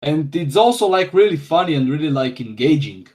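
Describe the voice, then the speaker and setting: Brief: young guest, rambling with many fillers and a slightly raised pitch. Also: male voice, big pitch swings, a little fast, darkish tone. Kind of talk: casual podcast chat.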